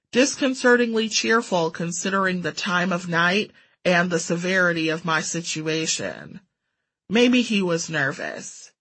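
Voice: medium pitch, sharp tone. A narrator reading a first-person story aloud with a wry, sardonic delivery.

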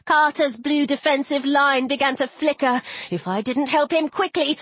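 A woman narrating a first-person novel as an audiobook in a lively, wry manner, acting out the dialogue. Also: sits high, moderate pace, no echo.

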